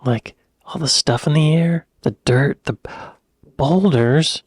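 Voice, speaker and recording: A man's voice: on the high side, slow pace, no echo, clean studio sound. An American man with an American accent, hosting a reaction video in a chatty, rambling, easygoing way. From United States. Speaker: reaction channel host. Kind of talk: casual reaction chat.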